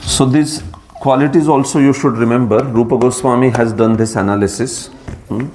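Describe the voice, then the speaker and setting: Indian-accented man, mid-pitched, teaching a class: lively, quick to laugh, quizzes his students. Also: a little hiss or hum. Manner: lively, laughs often, asks the class questions. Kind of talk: class lecture. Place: class streamed live.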